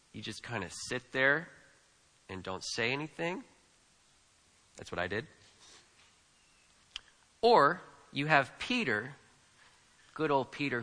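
Animated preacher in a reverberant hall. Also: male voice, a little high. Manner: conversational, emphatic, with frequent repetitions and tag questions. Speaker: pastor. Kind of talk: sermon.

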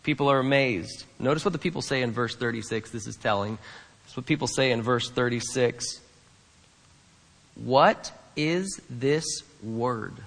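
Male pastor, earnest sermon delivery with emphatic repetition; bright, tense tone in a hall with long reverb. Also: medium pitch, brisk, vocal fry. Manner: earnest, emphatic, repeats key lines. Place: church sanctuary.

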